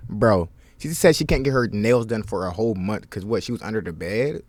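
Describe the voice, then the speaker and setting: Excitable young man with a lively voice. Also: lowish voice, fairly quick. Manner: excitable, profane, stammering restarts. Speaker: streamer reacting to a documentary. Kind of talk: live reaction commentary.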